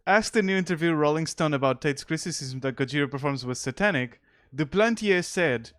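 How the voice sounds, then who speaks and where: A man's voice: fairly high pitch, fairly quick. A man whose first language is Portuguese, reading news aloud and commenting on it in a sarcastic, jokey way and laughing often. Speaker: streamer.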